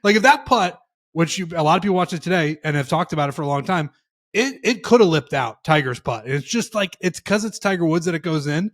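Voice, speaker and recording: A young man co-hosting a golf podcast, telling stories in animated, casual chat with some swearing. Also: on the high side, fast. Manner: animated storytelling, swearing, quotes himself. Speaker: podcast co-host.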